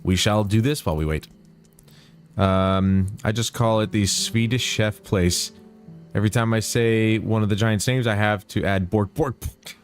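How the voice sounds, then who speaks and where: A man's voice: lowish voice, normal speed, soft background music. A man casually commenting on his game during a livestream, playful and jokey, muttering to himself as he plays. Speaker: game streamer.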